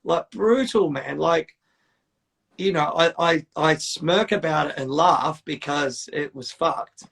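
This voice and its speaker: A man's voice: on the high side, takes it slowly, gravelly, a bit bright, breathy edge. A middle-aged man, hosting a casual chat and rambling through stories with plenty of swearing. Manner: rambling, swears freely, tells stories with quoted voices. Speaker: podcast host.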